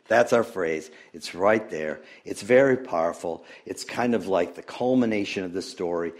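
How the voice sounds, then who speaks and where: A man preaching a sermon, swinging between loud emphatic bursts and hushed, near-whispered passages, with frequent chuckles and hesitant restarts. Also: deep voice, normal speed, hardly any pauses. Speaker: pastor.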